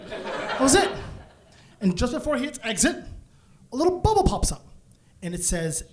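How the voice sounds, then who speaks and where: Male stand-up comic, very lively pitch, animated, laughing through his story on stage. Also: moderate pace, long pauses, slight background noise. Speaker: stand-up comedian. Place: comedy stage.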